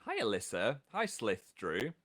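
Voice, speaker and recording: A man's voice: on the low side, wildly swooping pitch, unhurried, fairly bright tone. A man hosting a casual livestream, chatting playfully and reading out viewers' comments with a jokey, self-mocking manner. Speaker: livestream host.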